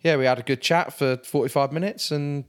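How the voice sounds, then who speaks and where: A man's voice: a little high, fairly even intonation, fairly quick. A man co-hosting a podcast over a remote line, chatting casually and rambling through anecdotes. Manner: chatty, rambling anecdotes with playful accent impressions. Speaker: podcast co-host. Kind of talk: casual chat.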